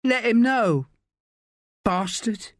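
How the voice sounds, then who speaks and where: A man doing a high, tearful young woman. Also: expressive, drawn-out words, no room sound, studio quality, full character voice. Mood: bitter.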